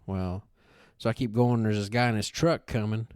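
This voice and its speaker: A man's voice: lowish voice, normal speed, smooth, dry recording, studio quality. Profane, rambling man telling stories. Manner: rambling, profane, animated storyteller. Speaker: podcast co-host. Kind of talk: casual storytelling chat.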